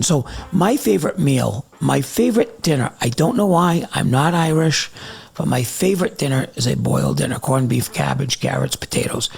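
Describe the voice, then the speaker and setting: A man's voice: medium pitch, creaky, darkish tone, slightly rough. A middle-aged man, chatting casually on a live stream, rambling between stories and answering viewers by name. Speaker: TikTok live host. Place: at home in the evening.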